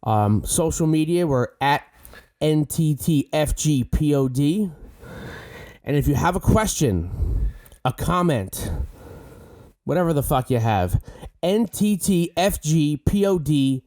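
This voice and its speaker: A man's voice: fairly high pitch, lively intonation, takes it slowly, mellow. A man co-hosting a podcast, teasing his co-host in casual banter and laughing often.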